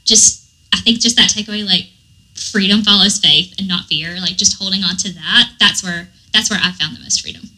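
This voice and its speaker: A woman's voice: medium pitch, moderate pace, low-quality recording. A woman with a Southern American accent, a guest dietitian speaking earnestly in a casual interview, with lots of fillers. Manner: earnest, animated storytelling with many fillers. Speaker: guest, dietitian and recovery coach.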